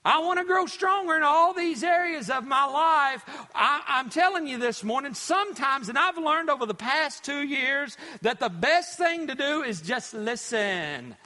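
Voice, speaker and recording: Male pastor, bright, high and animated voice, sermon in a reverberant church hall. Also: a little slow, hardly any pauses. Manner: preachy, repetitive emphasis with many fillers.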